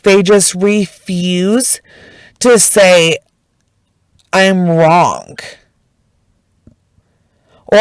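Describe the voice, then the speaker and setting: Slow, heated woman telling true crime. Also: medium pitch, no room sound, low-quality recording. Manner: emotional, swears freely, emphatic. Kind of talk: casual true crime storytime.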